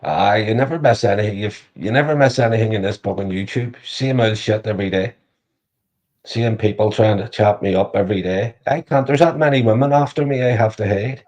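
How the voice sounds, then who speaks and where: A man's voice: lowish voice, fairly quick, a little mellow. A man chatting casually on a livestream, crude and joking, swearing freely. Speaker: livestream co-host. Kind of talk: casual live chat.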